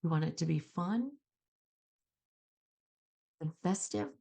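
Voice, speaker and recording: Animated woman hosting a self-help show. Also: sits low, slow, vocal fry. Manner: animated, coaching, acts out calm self-talk. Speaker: host.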